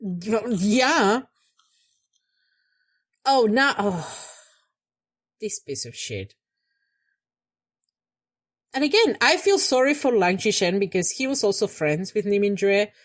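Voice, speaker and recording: A young woman hosting a reaction video, talking back at the screen in casual commentary and getting loud when angry. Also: mid-range voice, expressive, unhurried.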